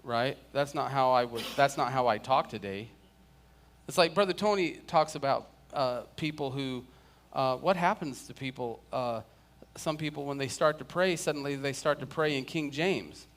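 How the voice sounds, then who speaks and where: A man's voice: mid-range voice, moderate pace, fairly bright tone. A man teaching a casual church Bible class, chatting and joking with his students.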